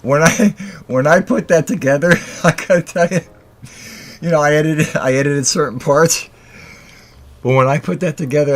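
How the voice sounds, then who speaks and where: A man's voice: a little high, moderate pace. A man hosting a casual livestream chat, giggling constantly and breaking into laughter mid-sentence. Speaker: livestream host.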